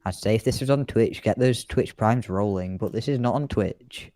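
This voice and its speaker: A man's voice: on the low side, normal speed, mellow, no echo, studio quality. A British man streaming live, doing playful mock airshow commentary in a jokey announcer voice.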